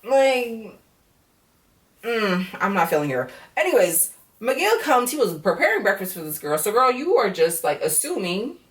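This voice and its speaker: A woman's voice: mid-range voice, big pitch swings, normal speed, distant mic. A woman casually recapping a reality show episode, talking bluntly with lots of swearing and acting out what people said. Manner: blunt, profane, chatty, acts out quotes.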